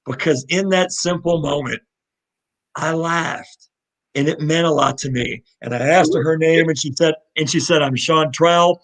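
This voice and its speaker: A man's voice: a little high, measured pace, poor audio. A middle-aged man from Louisville telling his story as a guest, earnest and heartfelt, with many restarts. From Louisville, Kentucky. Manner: earnest, heartfelt, animated retelling with repeated restarts. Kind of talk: live interview storytelling.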